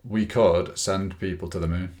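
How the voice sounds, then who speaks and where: A woman co-hosting a podcast in casual chat, teasing her partner in lively banter. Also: rumbling low, normal speed. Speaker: podcast co-host.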